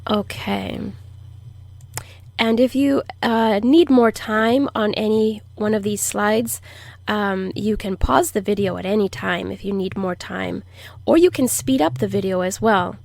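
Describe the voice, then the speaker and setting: A woman teaching a language lesson, who says each word slowly and clearly for learners to repeat and explains pronunciation patiently. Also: medium pitch, darkish tone, no room sound. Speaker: Spanish teacher. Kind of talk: slow, deliberate language lesson.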